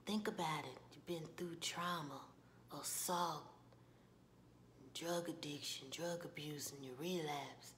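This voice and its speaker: A woman voicing a soft-spoken, earnest grown man in a low, half-whispered voice, retelling a TV scene. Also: fairly even intonation, slow pace. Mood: tender.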